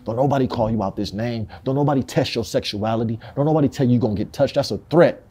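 Man from Compton, interview, dark mellow voice, blunt street slang, swearing freely. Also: mid-range voice, fast, husky. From Compton, California. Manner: emphatic street slang with heavy profanity. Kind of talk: candid storytelling interview.

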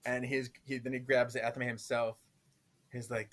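A man's voice: mid-range voice, level tone, normal speed, a bit bright. Giggly man retelling a comic plot. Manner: laughs often, loose storytelling with fillers. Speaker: podcast guest. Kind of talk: casual chat, recapping a comic.

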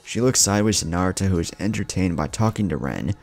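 A man narrating a fan fiction story in an expressive reading voice. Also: low voice, quick pace. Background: background music.

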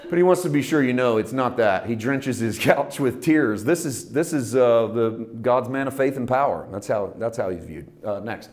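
A man preaching a sermon, swinging from hushed asides to loud, intense scripture readings, with folksy humor. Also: medium pitch, expressive, moderate pace, hardly any pauses. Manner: reads scripture aloud with rising intensity. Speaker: pastor.

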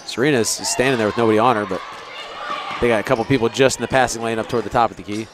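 Male play-by-play caller, mid-pitch, casual and chatty, noisy gym behind. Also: racing. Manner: relaxed, chatty, with asides. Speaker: play-by-play commentator. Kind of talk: local sports commentary. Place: school gym. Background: crowd and bouncing balls.

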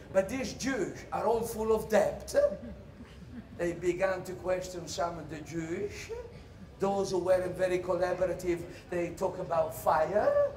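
Man, Italian accent, high-pitched voice, comic stage monologue, animated, roomy hall echo. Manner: animated storyteller, bursts into high shouted cries, laughs through lines. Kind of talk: comic theatre monologue in English. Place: theatre stage.

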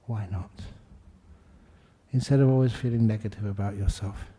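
A man's voice: lowish voice, steady tone, normal speed, warm tone. A monk giving a humorous dharma talk, jokey and self-deprecating, laughing at his own jokes. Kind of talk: humorous spoken sermon.

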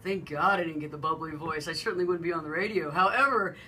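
A woman with a deep voice that gets mistaken for a man's, co-hosting a radio talk show and telling lively stories. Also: quick pace, a little hiss or hum, poor audio. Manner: low-voiced, animated storytelling with laughs. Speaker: radio co-host.

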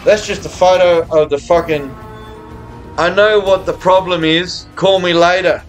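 Tipsy, swearing man with a high voice. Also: fairly even intonation, measured pace, faint music behind. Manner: rambling, heavy swearing, chatty with viewers. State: tipsy, slurring a little after beers. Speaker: streamer. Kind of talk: live gambling stream chat. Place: hotel or home room abroad.

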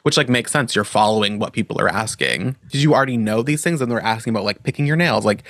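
A man hosting a podcast, asking questions in a relaxed conversational way with lots of fillers. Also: fairly low pitch, fast talker, dry recording, clean studio sound. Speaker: podcast host. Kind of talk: casual podcast interview.

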